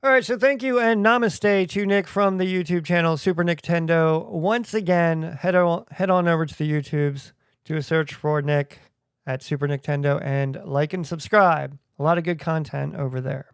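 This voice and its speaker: Smooth-voiced chatty podcast host man. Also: on the high side, steady tone, normal speed, no room sound, studio quality. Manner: chatty, jokey asides. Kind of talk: casual podcast talk.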